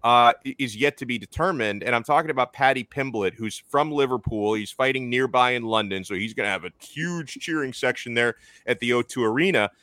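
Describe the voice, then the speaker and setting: A man's voice: mid-range voice, fairly quick, few pauses, pushed and bright, no room sound. A man hosting a sports talk show, chatting loosely with lots of restarts. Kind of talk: casual sports chat.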